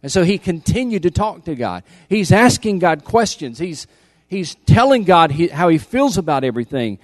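A man preaching a sermon as pastor, emphatic, repeating key lines and swinging from loud appeals to hushed intensity. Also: high voice, sing-song, moderate pace, no echo.

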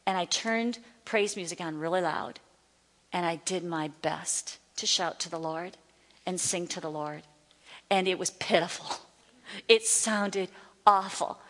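Woman preacher, emphatic and fervent, mid-pitched, long hall reverb. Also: fairly bright tone. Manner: emphatic, rising to fervent declarations. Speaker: Bible teacher. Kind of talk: sermon teaching.

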